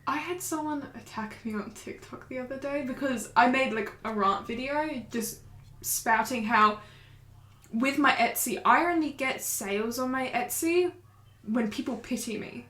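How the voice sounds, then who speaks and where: A woman's voice: high voice, sharp tone, reverberant. Sweary woman with a posh English-Australian accent. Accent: posh English mixed with Australian. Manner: sweary, ranting, quick to tease. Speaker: podcast co-host. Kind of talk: casual chat.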